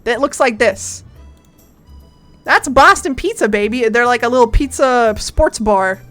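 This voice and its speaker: A young woman from Canada chatting casually on a livestream, giggly and excitable, swearing casually as she talks. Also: fairly high pitch, unhurried, soft background music. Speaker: streamer.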